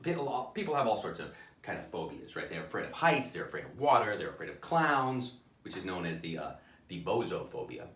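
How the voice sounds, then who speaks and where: A man doing a stand-up comedy set, self-deprecating and halting, with many restarts. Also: sits low, very animated, fairly bright tone, reverberant, distant mic.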